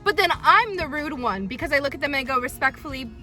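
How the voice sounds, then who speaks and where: A woman's voice: high-pitched, lively intonation, fast talker, bright, forceful tone, faint music behind. A woman dog trainer in a casual vlog, chatting and retelling stories with lots of ums.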